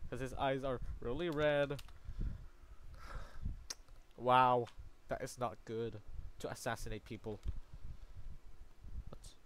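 A man doing let's play commentary from a room at home, excitable and prone to yelps and shrieks when scared. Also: medium pitch, takes it slowly, pauses often, a little hiss or hum. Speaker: gaming YouTuber. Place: home room with a fan running.

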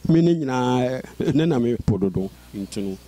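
A man's voice: mid-range voice, expressive, normal speed, mellow, dry recording. A man who stutters, telling his life story in an interview and repeating sounds and words as he speaks. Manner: stutters, with repeated syllables and restarts. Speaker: interview guest.

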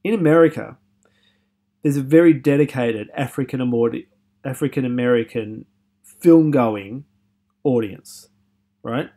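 A man's voice: medium pitch, a little slow, long pauses, warm tone. A man giving a university film lecture, chatty and opinionated, with many fillers, putting questions to his students.

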